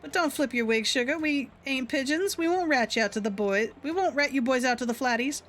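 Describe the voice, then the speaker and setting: A woman's voice: high-pitched, brisk, a bit bright, slight background noise. A woman voicing a sassy young gangster moll from the 1930s, full of hardboiled slang. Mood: brassy. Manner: hardboiled slang, breezy and brassy.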